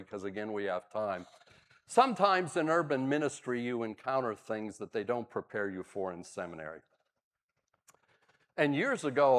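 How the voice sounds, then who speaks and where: A man's voice: medium pitch, big-room sound. An older man, a pastor, preaching a sermon, telling stories with dry humor. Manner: animated storyteller, dry humor. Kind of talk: sermon with storytelling.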